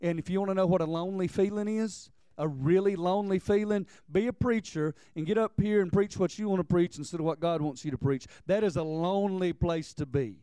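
Earnest stammering pastor, high voice. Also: male voice, fairly quick, few pauses, mellow, smooth, no room sound. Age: 40s. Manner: earnest, stammering restarts, building in intensity. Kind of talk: sermon.

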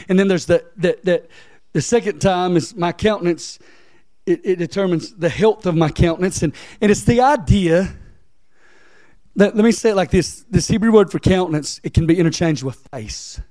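High-voiced preacher, dry sound. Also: male voice, moderate pace, no echo. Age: adult, father of three. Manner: conversational preaching, rising loud on scripture, dropping soft and low on stories. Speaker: pastor. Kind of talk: sermon.

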